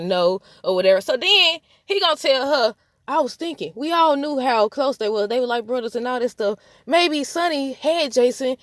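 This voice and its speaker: Woman, casual soap review, sassy, animated, higher voice. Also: no room sound, studio quality. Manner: animated, laughing, sassy asides to viewers. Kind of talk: casual chat.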